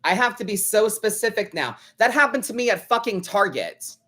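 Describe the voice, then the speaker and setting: A man's voice: sits high, big pitch swings, normal speed, bright, forceful tone. A man hosting a live tarot stream, chatting casually in a blunt, sassy way and swearing freely. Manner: blunt, sassy, swears freely, acts out other people's lines.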